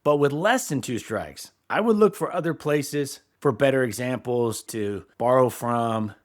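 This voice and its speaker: A man's voice: mid-range voice, animated, measured pace. A man in his forties hosting a baseball coaching podcast, talking in an enthusiastic, conversational way. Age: 40s. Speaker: podcast host. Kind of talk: casual podcast talk.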